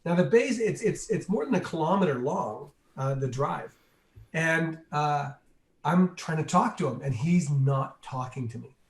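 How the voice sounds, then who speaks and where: A man, a guest in an interview, telling a long behind-the-scenes anecdote with lively energy and acting out the voices of the people in it. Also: fairly high pitch, unhurried. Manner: animated, acts out the people in his story. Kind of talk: anecdotal storytelling. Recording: roomy echo.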